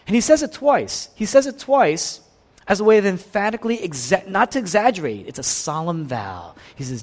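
A man preaching a sermon, animated, swinging between loud emphatic lines and hushed, slow ones. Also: sits high. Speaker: pastor. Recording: long hall reverb.

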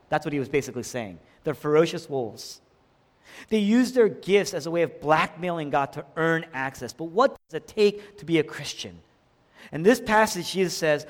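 A man preaching a sermon, dramatic, swinging between loud emphatic lines and hushed low ones. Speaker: pastor. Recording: long hall reverb.

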